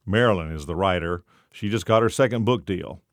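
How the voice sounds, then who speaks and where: A man's voice: deep voice, a little fast, dry recording, clean studio sound. A man reading the lines of a scheming bartender in his forties, conspiratorial and hesitant.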